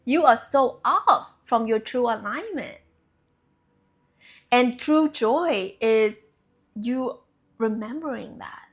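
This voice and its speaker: Young spiritual coach lady, high bright voice, chatty and playful, laughs a lot, swears a bit. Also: slow, long pauses. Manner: playful and animated, laughs often, swears casually. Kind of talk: casual spiritual talk to camera.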